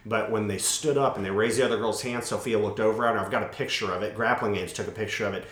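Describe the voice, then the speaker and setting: A man's voice: on the low side, steady tone, quick pace, a bit bright. A man and parent talking casually about his daughter, rambling with lots of fillers. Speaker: parent of a young athlete. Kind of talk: casual chat. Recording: echoey room.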